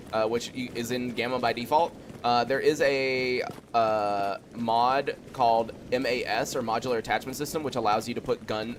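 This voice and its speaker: A young man streaming a game, chatting loosely with viewers and swearing a lot. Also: slight background noise. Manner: yells in high-pitched disbelief when killed in game. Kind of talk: casual gaming stream chat.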